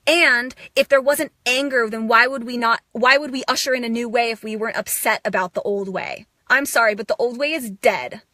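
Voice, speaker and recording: A woman's voice: on the high side, bright, forceful tone, no echo, clean studio sound. A young woman giving a raw, emotional self-help monologue, intense and swearing, breaking into bursts of laughter. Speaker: spiritual speaker.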